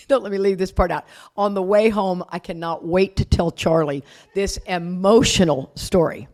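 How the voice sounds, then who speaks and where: A middle-aged woman speaking at a recovery retreat, telling her story candidly with self-deprecating humor. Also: fairly low pitch. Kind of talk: personal recovery talk.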